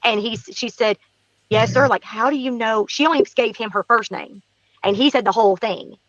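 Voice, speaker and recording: A woman's voice: fairly high pitch, moderate pace, dry recording, lo-fi sound. A woman telling a story in casual talk, acting out what people said and repeating phrases for emphasis. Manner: animated, acts out quotes, repeats herself. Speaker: guest recounting neighborhood encounter.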